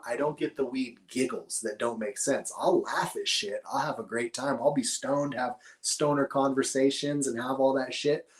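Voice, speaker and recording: A middle-aged man, telling stories in a laid-back, rambling, profane way as a podcast guest. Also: mid-range voice. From Northern California. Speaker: podcast guest, cannabis grower. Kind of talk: casual conversational storytelling.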